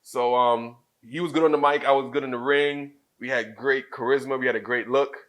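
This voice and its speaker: A man's voice: medium pitch, fairly quick. A man in his thirties, an interview guest telling casual stories and acting out quoted dialogue. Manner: animated storyteller who acts out quoted dialogue. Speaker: interview guest, former wrestler. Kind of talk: casual shoot interview storytelling.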